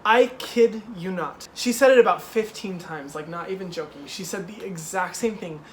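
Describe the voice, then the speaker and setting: Young guy host, chatty and worked up, lots of "like", bit of low hiss behind. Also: normal speed. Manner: animated, exasperated retelling with filler "like". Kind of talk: casual storytelling chat.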